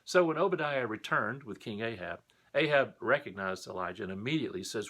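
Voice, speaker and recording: Man, sunday school teacher, bright tone, friendly storytelling. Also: medium pitch, animated, quick pace, husky. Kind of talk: recorded Bible story lesson.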